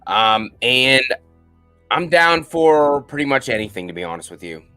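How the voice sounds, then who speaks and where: Man, live-stream host, lively up-and-down delivery, chatty and rambling, faint music under him. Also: mid-range voice, moderate pace, smooth, no room sound. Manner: chatty, rambling, thanks viewers by name. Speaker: livestream host answering viewer questions. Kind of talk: casual live Q&A chat.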